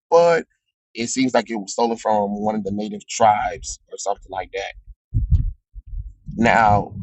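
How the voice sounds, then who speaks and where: A man's voice: lowish voice, a little mellow, no echo, poor audio. A man casually recapping a comic book issue, rambling with frequent ums and chuckling at his own jokes.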